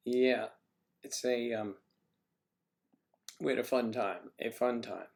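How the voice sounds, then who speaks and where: A man with a lingering cough hosts a casual livestream from home. He rambles and jokes with the viewers in the chat, speaking at an average pitch. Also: takes it slowly, creaky, a little mellow. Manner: rambling, chatty, joking with the chat. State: has a cough. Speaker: livestream host. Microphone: microphone on a stand he keeps adjusting.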